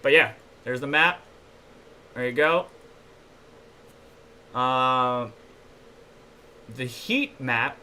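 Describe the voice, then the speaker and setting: Speaking extremely slowly and pausing often, a man uses a medium-pitched voice that is bright and forceful, over slight background noise. He hosts a casual crypto news livestream, reading articles, commenting, and chatting loosely with viewers between them.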